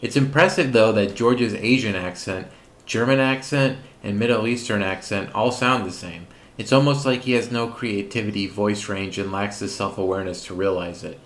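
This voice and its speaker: Sarcastic man with a low voice. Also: moderate pace, fairly bright tone. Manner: sarcastic, mocking. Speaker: host of a commentary series. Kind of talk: scripted commentary narration.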